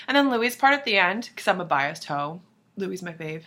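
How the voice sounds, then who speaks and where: A young woman chatting to camera in a gushing, excitable way, swearing, dropping into whispers and bursting into squeals. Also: on the low side, normal speed. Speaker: vlogger. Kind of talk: casual chat to camera.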